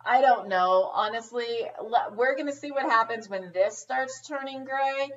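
Animated, profane woman on a lo-fi mic. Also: fairly high pitch, normal speed. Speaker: podcast co-host. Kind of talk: casual chat.

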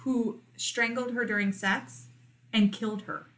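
A woman telling a candid personal story in casual chat, animated and acting out what people said. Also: on the high side, measured pace. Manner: candid, animated, acts out quotes.

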